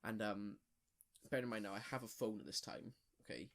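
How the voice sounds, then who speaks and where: A man's voice: on the low side, lively intonation, a little fast, gravelly, noisy background. A young man telling a story on a casual podcast. He rambles with plenty of filler words and swears freely as he goes. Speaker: podcast co-host.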